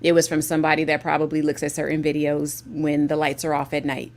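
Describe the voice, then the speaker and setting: A woman's voice: low voice, monotone, fast talker, darkish tone. A woman guest on a livestreamed panel, speaking candidly and emphatically over a video call, often restarting her sentences. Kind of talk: casual panel discussion.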